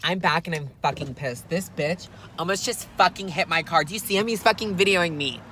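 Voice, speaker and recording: Guy doing a bratty rich girl vlogging from her car, bright sharp voice, whiny valley drawl, swears nonstop. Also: high voice, a little fast, a little hiss or hum. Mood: furious, ranting. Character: spoiled, foul-mouthed entitled rich young woman. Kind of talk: comedic parody vlog.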